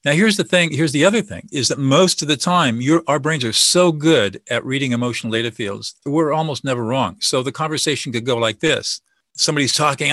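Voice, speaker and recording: A man with a bright, forceful voice lays out his methods in a confident, teaching manner. The sound is dry and close, with no room around it. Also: mid-range voice, brisk, no room sound. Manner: confident, teaching, acts out sample dialogue. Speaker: guest expert on listening and de-escalation. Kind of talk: explanatory interview talk.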